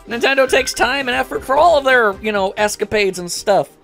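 A woman doing let's play commentary, ranting in an animated way, full of asides. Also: a little high, fairly quick, creaky, faint music behind. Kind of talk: gameplay commentary rant.

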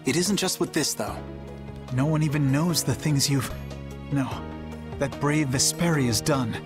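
An actor playing a formal, dutiful young knight. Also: male voice, a little high, over music, close to an everyday voice. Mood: earnest. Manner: formal, measured. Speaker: game character.

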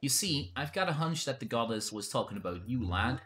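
A man's voice: mid-range voice, expressive, brisk, fairly bright tone, lightly acted. A man voicing an old, drowsy male tree-spirit hermit in a put-on old-man accent, rambling like a conspiratorial storyteller. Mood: folksy.

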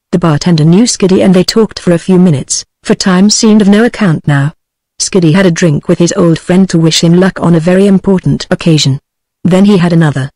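A text-to-speech voice of a woman with a British English accent, reading a novel aloud in an even, steady way. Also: fairly low pitch, brisk, dry recording, low-quality recording. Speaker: audiobook narrator.

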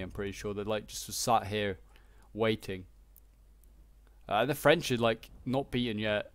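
A man talks through a strategy game battle in a loose, rambling way, full of "like" and "uh". His voice sits at an ordinary middle pitch. The recording is dry and close. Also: dry recording. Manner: chatty and rambling, many fillers like "like" and "uh". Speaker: gameplay commentator. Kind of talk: casual gameplay commentary.

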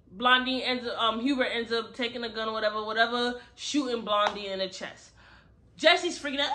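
A woman giving a casual book review recap, talking bluntly and with lots of slangy asides. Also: a little high. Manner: animated, blunt, slangy storytelling with frequent asides.

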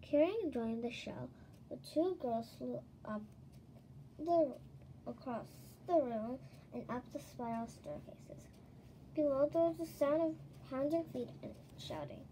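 A woman reading a children's chapter book aloud in an expressive, animated way. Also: high voice, measured pace, a little hiss or hum, low-quality recording. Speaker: storybook reader.

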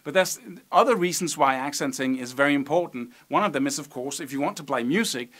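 A man's voice: fairly high pitch, lively intonation, fast, few pauses, fairly bright tone. A man teaching guitar technique, explaining patiently and checking in with "right?" as he goes. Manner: explanatory, sings rhythms as syllables, rhetorical "right?".

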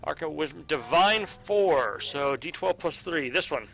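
Man, game host, bright tone, fairly high voice, reads cards aloud, counts dice. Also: expressive, a little slow, gravelly. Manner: patient with a child at the table. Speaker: host running the card game. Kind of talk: tabletop game playthrough chat.

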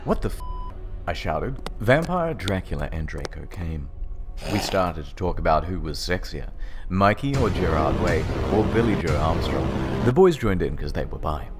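Deep, swooping man reading aloud. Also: normal speed. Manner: deadpan reading with sarcastic swoops. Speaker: narrator and host. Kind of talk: comedic dramatic reading. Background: music.

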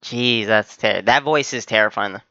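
A man talking back at an anime episode as he watches it, urging the characters on and groaning at the villain. His voice is bright and forward. The sound is dry and a little dull. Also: on the low side, moderate pace, dry recording. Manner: excitable, talks back to the screen. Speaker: anime reaction channel host. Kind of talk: live reaction commentary.

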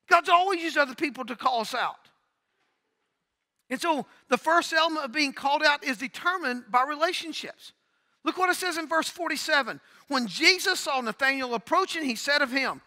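Man, pastor, very high voice, sharp bright tone, sermon with acted-out dialogue. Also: a little fast, long reverb tail. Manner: storytelling with dialogue, building to emphatic calls.

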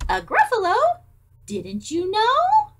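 A woman's voice: extremely high pitch, huge pitch swings, slow, pitched above the performer's own voice, full character voice. A woman voicing a clever little brown mouse in a children's story, polite and mock-grand.

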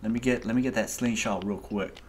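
A man hosting a gaming video, giving excitable, slangy let's-play commentary straight to his viewers. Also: lowish voice, fairly quick, noisy background. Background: game music.

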